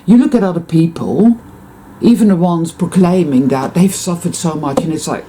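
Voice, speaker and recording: A woman's voice: deep voice, moderate pace, mellow, slight background noise. A woman talking straight to her viewers in a rambling monologue, swearing often and sighing heavily between thoughts. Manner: profane, intense, sighing. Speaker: spiritual vlogger.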